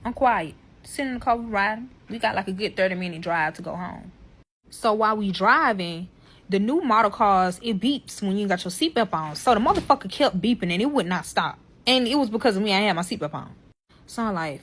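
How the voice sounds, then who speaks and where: Woman ranting thru a story time, bright voice, swears a lot, super animated. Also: medium pitch, moderate pace. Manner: animated, profane, heated storytelling.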